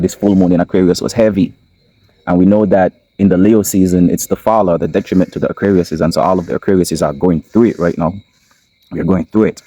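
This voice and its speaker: Deep-voiced Kittitian man, emphatic and dry. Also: warm tone, no echo, low-quality recording. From Saint Kitts. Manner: emphatic, repeats lines, slows for stress. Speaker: channel host. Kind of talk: impassioned solo commentary. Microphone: camera mic.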